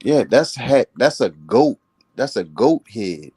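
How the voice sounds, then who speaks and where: A man's voice: medium pitch, sing-song, takes it slowly, a little mellow, breathy edge, dry recording. Male caller on a stream, casual and stubborn, mid-range voice. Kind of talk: casual chat.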